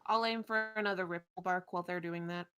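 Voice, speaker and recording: A woman's voice: lowish voice, steady tone, fast talker, bright, forceful tone, clean tone. A woman playing a tabletop game, bantering and giggling as she rolls dice. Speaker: player. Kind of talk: casual tabletop game chat.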